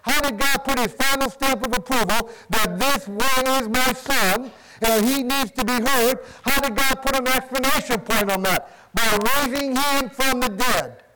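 Man, preacher, high voice, emphatic questions, crowd heard behind. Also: measured pace, hardly any pauses, poor audio. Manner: emphatic, asks and answers his own questions. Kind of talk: sermon.

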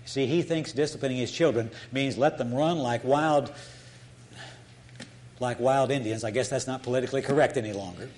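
A man's voice: medium pitch, moderate pace, darkish tone. An older man preaching a sermon in an earnest, folksy storytelling way, often restarting his sentences.

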